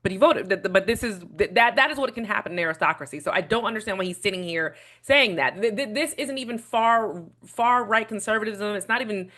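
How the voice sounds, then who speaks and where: A woman's voice: medium pitch, expressive, quick pace, hardly any pauses, a bit bright. A woman reviewer giving a blunt, indignant reaction commentary on a debate clip. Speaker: video reviewer.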